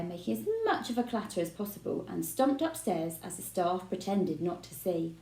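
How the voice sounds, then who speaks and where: A woman reading a children's book aloud with expressive storytelling. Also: on the low side. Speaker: reader. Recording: roomy echo.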